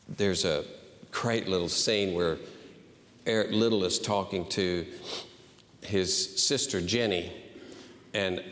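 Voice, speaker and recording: Slow, earnest preacher man in a reverberant hall. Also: low-pitched. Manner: earnest, emphatic, slow and deliberate. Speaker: pastor. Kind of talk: sermon.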